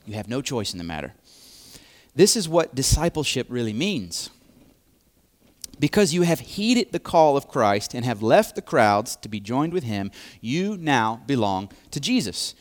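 A man preaching a sermon, speaking deliberately and repeating key phrases for emphasis. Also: medium pitch, big pitch swings.

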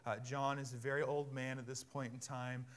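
A male pastor preaching a sermon in a conversational teaching manner, repeating phrases and building to loud, emphatic passages. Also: mid-range voice, level tone, normal speed.

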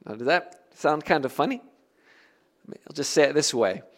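A middle-aged man from the United States preaching a sermon, earnest and emphatic, with soft dropped asides. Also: fairly high pitch, expressive, normal speed. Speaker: pastor.

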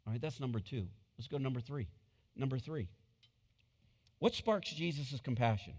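A man preaching a sermon, telling the story with animated delivery and repeated phrases. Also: mid-range voice, normal speed, slightly rough, long reverb tail. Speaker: pastor.

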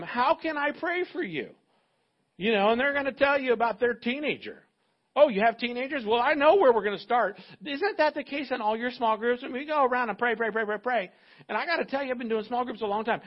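A man preaching a sermon as pastor, animated and acting out little dialogues in different voices. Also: extremely high pitch, slightly rough, lo-fi sound.

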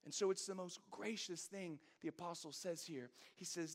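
A man's voice: sits high, normal speed, hardly any pauses. A middle-aged man pastor, delivering a sermon that moves from funny storytelling to fervent preaching.

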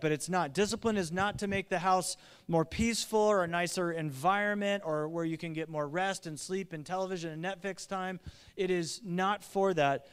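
A middle-aged man, a pastor, preaching a sermon in an earnest, urgent way with lively asides. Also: sits high, smooth. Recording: long reverb of a large hall.

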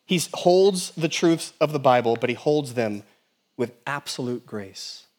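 Animated man preaching a sermon. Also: mid-range voice, unhurried. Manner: animated preaching, swings between loud and hushed; asks the congregation many rhetorical questions. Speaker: pastor.

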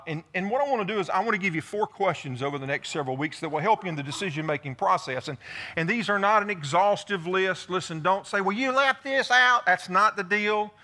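A male pastor delivering a sermon in a high, bright voice. He tells stories with animated delivery, acting out the dialogue and the people he describes. The tone is lively and conversational from the pulpit. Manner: storytelling, animated, acts out dialogue with his voice. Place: church sanctuary.

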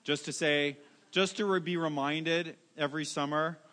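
High-voiced emphatic preacher man. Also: fairly even intonation, normal speed, sharp tone. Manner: emphatic, repeats key words, self-mocking asides. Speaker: pastor. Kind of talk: sermon.

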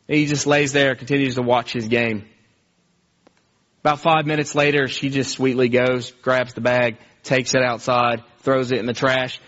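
A man preaching a sermon in an earnest way, acting out everyday scenes and slowing down for emphasis. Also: medium pitch, level tone, a bit bright, muffled recording.

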